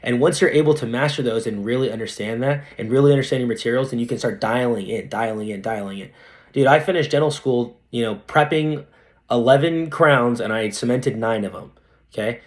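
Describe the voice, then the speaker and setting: Appearing as a podcast guest, a young dentist with a mid-range voice talks a little fast in a relaxed interview chat. He's lively and slangy, dropping "dude" frequently.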